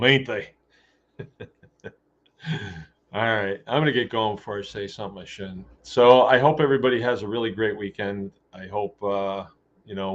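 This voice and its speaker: A man hosting a casual talk show, speaking in a blunt, joking and rambling way. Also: on the low side. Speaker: host. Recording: dull lo-fi recording.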